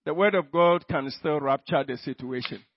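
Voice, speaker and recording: A man preaching a sermon, slow and emphatic, repeating his phrases and breaking into shouted healing prayer. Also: fairly high pitch, no room sound, dull audio.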